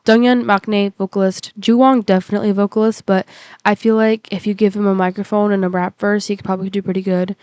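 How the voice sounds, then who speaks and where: A woman's voice: medium pitch, level tone, quick pace, darkish tone, clear, resonant tone, no room sound. A young woman chatting casually and rambling as a K-pop reaction vlogger, with lots of fillers and restarts, and emotional at times. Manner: emotional, on the verge of tears. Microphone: computer mic.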